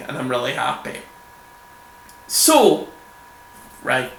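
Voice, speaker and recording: Man, casual gameplay commentary, rambling, swears a lot, bright edgy voice, echoey room. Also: medium pitch, normal speed, vocal fry, pauses often. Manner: rambling, chatty, swears freely, laughs often. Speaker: gameplay video host. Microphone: desk microphone. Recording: echoey room with faint hum.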